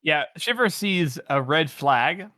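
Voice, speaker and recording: Male book-podcast co-host, higher pitch, bright edgy tone, dry close sound, chatty. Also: expressive, takes it slowly, dry recording. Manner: chatty, laughs between points. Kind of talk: casual book discussion.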